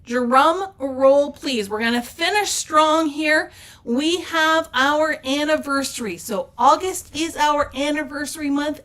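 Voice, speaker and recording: A woman hosts a casual update for a craft store, talking over slides. Her voice sits a touch high. She chats in an upbeat, easygoing way with plenty of ums and uhs. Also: fairly bright tone. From Canada. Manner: chatty and upbeat, with fillers. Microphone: off-camera mic with slides.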